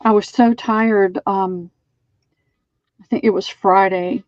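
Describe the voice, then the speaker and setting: A woman's voice: medium pitch, fairly even intonation, slow, a little mellow, no room sound, highs cut off. A woman hosting a live online sale, chatting as she measures and describes items. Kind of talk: live-streamed sale pitch.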